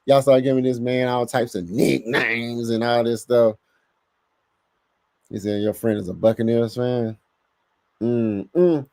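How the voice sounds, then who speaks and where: A man hosting a casual live sports podcast, reading the chat aloud and talking back to it with lively bursts of emphasis. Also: mid-range voice, slow pace, long pauses, no room sound, clean studio sound. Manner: animated, talks to chat, bursts of louder emphasis.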